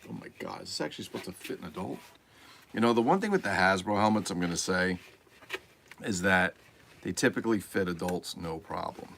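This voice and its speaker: A deep-voiced man with a gravelly, creaky edge, rambling casually as he assembles a toy on a livestream. He mutters to himself, swears under his breath and tosses out crude jokes. Steady background noise runs under his voice. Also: fairly quick. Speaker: toy collector livestream host. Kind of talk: casual unboxing livestream chat.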